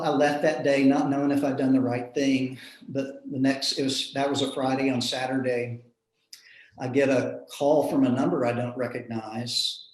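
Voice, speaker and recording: A man, a minister telling a personal story in an earnest, reflective way with soft chuckles. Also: mid-range voice. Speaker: minister in a panel discussion. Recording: roomy echo.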